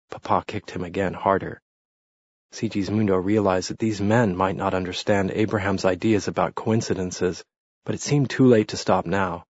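A man narrating a historical novel in a wry, measured storytelling manner. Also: sits low, fairly even intonation, husky, no echo. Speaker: audiobook narrator. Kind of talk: scripted narration. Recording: muffled lo-fi recording.

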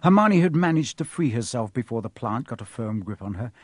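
A husky male narrator reads a storybook aloud, shaping the scenes with expression. His voice sits at a middle pitch. The recording is dry and close, with no room sound. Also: brisk, no echo. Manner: expressive, changes voice for each character. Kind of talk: storybook reading.

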